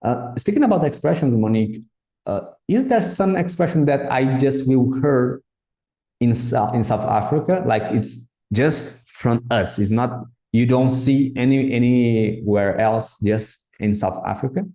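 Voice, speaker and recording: A man hosting a podcast interview, asking questions in a halting way and often repeating words. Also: mid-range voice, dark tone. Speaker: podcast host. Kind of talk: casual interview. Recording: echoey room.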